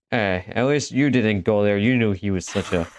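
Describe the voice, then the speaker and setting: Slow-talking man joking through horror games. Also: fairly low pitch. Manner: jokey, laughs easily, talks to the game characters. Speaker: gaming video host. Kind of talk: horror game let's play commentary.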